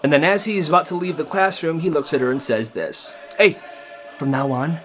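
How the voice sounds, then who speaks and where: A man narrating storytime anecdotes in a lively, casual way, with his own comments on them. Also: on the high side, fairly quick, faint music behind.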